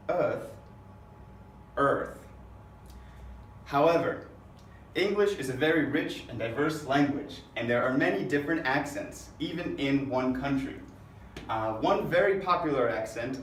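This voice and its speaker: An American man teaching English, explaining and demonstrating pronunciation in a deliberate, instructive way. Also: mid-range voice, a little hiss or hum. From United States. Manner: slow, deliberate, demonstrating words. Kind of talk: spoken accent lesson. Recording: roomy echo, mic at a distance.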